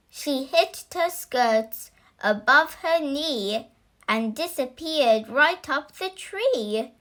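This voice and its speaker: Woman reading a rhyme story, high voice, really slow and lively. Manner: animated, expressive storytelling. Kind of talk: reading a rhyming story aloud.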